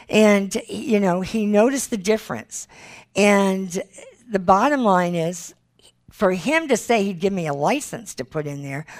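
A woman giving a personal testimony as part of a teaching, telling her story in an animated way and acting out what others said. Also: mid-range voice.

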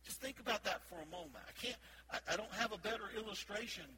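A man preaching a sermon as associate pastor, swinging between loud emphatic shouts and quiet asides. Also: high-pitched, fast, slight background noise, poor audio. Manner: admits he speaks loudly most of the time.

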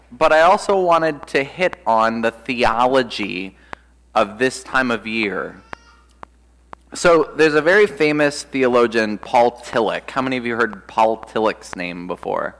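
A man, an Episcopal priest, preaching a sermon in a relaxed, thoughtful way, often pausing with "uh" and "um". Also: mid-range voice. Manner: conversational and reflective, with frequent "uh" and "um". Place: church. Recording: long church reverb.

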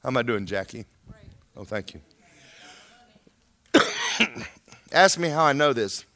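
A man preaches in an unhurried, mid-range voice, keeping things animated and conversational. He speaks emphatically and often checks in with those listening.

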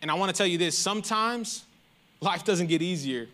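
A man preaching a sermon in a loose, conversational and animated storytelling way. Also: high voice, moderate pace. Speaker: pastor.

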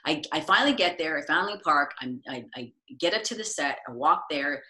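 Middle-aged woman, low voice, bright and forceful, chatty interview guest. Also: fairly quick. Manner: chatty, acts out quotes with animated voices. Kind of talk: casual interview storytelling.

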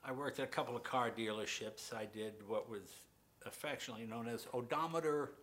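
A man from rural New England telling lively, jokey anecdotes as a guest, often laughing as he goes. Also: mid-range voice, brisk, a little hiss or hum. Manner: lively, jokey, laughs through his stories. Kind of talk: casual anecdotal storytelling.

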